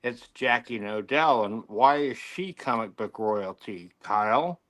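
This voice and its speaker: A man's voice: medium pitch, unhurried, fairly bright tone. A man co-hosting a casual talk show, enthusiastic and fond of quizzing his co-hosts with questions. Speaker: co-host. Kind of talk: casual chat.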